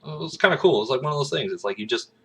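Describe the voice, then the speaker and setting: A man's voice: animated, very fast, a bit bright, husky. A man with a Southern American accent, an aspiring actor, talking in a casual, rambling vlog with plenty of fillers and restarts. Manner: breaks into brief high-pitched accent imitations.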